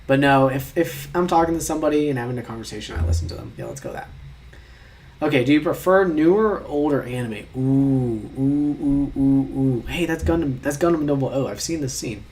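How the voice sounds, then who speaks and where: A man's voice: fairly high pitch, sing-song, quick pace, darkish tone, faint music behind. A young man chatting casually while taking online quizzes, reading questions aloud and rambling in mock-outraged asides, sometimes muttering.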